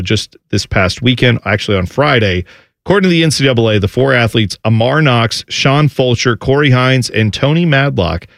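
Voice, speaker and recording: Animated man hosting a casual talk show. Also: mid-range voice, no room sound, clean studio sound. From New Jersey. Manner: animated storyteller, mimics relatives' accents. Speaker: podcast host. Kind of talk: casual chat.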